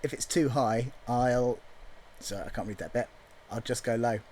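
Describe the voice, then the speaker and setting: Over music, a songwriter chats casually while working on a song, thinking out loud in a jokey, self-deprecating way. His voice is mid-range and his pace normal.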